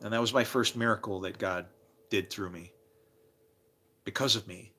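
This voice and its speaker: A man livestreaming, telling rambling personal stories in a loose, animated way, laughing and swearing freely as he jumps between tangents. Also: lowish voice, normal speed, slight background noise. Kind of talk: casual rambling storytelling.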